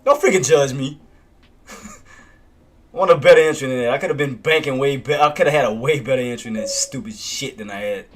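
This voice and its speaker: A man's voice: medium pitch, moderate pace. A man doing casual live trading commentary, who swears at himself and keeps talking himself down. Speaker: day trader streaming live commentary.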